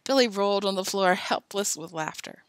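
A woman reading a children's chapter book aloud in a lively way, giving each character a voice. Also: mid-range voice, normal speed, no echo, studio quality. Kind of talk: storybook read-aloud.

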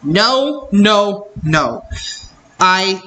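A man's voice: high-pitched, animated, very slow, bright, forceful tone. A young man hosting a reaction channel, ranting bluntly and repeating himself in exasperation. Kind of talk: casual reaction rant. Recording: echoey room with faint ambience.

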